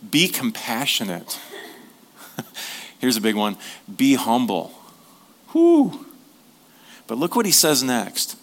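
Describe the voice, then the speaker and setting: A man's voice: mid-range voice, expressive, slow, long pauses, fairly bright tone. A middle-aged man preaching a sermon as a pastor, in a conversational, joking way, asking the congregation questions.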